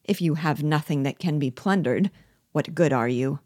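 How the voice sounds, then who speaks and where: A woman's voice: low-pitched, moderate pace, darkish tone, dry recording, clean studio sound. A woman voicing a sardonic rebel general. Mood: scornful. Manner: cold, mocking and commanding.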